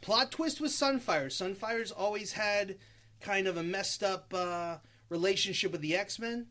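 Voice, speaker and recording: A man co-hosting a casual podcast, talking about movies in an animated, opinionated way and swearing freely. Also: high-pitched, unhurried. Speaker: podcast co-host.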